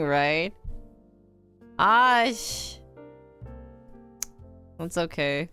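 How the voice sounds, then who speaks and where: A woman's voice: on the low side, sing-song, unhurried, faint music behind. A young woman chatting casually on a live stream, giggly and talkative, dropping in Korean words. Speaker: livestreamer.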